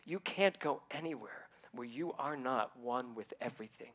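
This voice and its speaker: A middle-aged man, a minister, telling a personal story in a sermon, acting out what others said with lively ups and downs. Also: mid-range voice, normal speed, few pauses. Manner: animated storytelling, acting out quoted voices.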